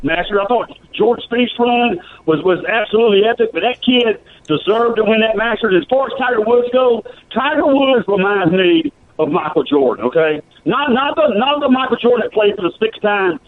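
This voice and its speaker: A man calls into a sports radio show, pressing his point hard and insistently. His voice is high for a man. It comes through a tinny phone line. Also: animated, moderate pace, few pauses. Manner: emphatic, argumentative, keeps saying "okay". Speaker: caller. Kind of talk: call-in radio talk.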